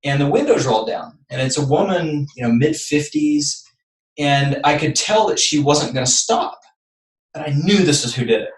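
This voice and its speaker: A man's voice: a little high, sing-song, moderate pace, far from the mic. Man telling a story in an echoey room. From Texas. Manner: earnest, building up anecdotes step by step. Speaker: podcast guest. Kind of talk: personal storytelling.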